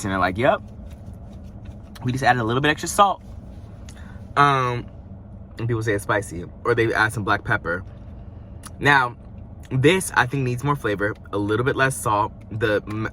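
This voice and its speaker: A young man chats through a food review in his car, rambling and joking with plenty of asides. His voice is bright and forceful, sitting a little low for a man. Faint car and road sounds hum behind him. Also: moderate pace. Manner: chatty, rambling, playful asides. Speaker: vlogger. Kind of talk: casual mukbang food review. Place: parked car.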